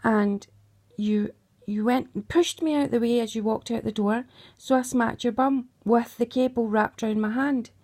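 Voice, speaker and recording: A middle-aged woman with a fairly high voice goes over old grievances with her daughter. She talks in an emphatic, accusing way and keeps pressing with "right?". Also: fairly even intonation, moderate pace, darkish tone. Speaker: mother. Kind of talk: emotional recounting monologue.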